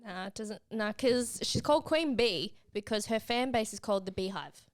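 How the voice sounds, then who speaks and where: A woman's voice: mid-range voice, lively intonation, normal speed. A young woman co-hosting a podcast in casual chat, answering with short, dry, matter-of-fact quips. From Australia. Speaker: podcast co-host.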